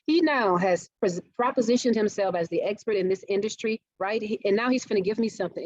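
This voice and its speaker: A woman teaches a business workshop in an engaging way, often asking her listeners if they follow. Her voice sits at a middling pitch. The webinar audio is dull and dry, with no room sound. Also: fairly quick, few pauses, darkish tone, no echo. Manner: engaging, asks audience questions often. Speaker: marketing speaker.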